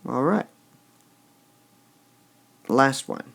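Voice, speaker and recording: A man explains poetic meter at an unhurried pace, with a gravelly edge to his voice. His pitch moves a lot as he sounds out each stressed syllable, and he drops to a quiet mutter while he works through an example. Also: lively intonation. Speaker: teacher. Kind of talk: screen-recorded lesson on poetic meter.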